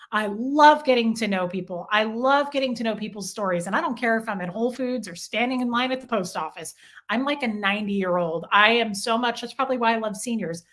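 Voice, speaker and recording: A young adult woman chatting casually on a live stream, animated and self-deprecating, talking straight to viewers in the chat. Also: a little high.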